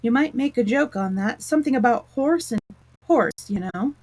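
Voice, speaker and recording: A woman voicing a tiny, sad insect that speaks softly and wistfully. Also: fairly high pitch, expressive, normal speed.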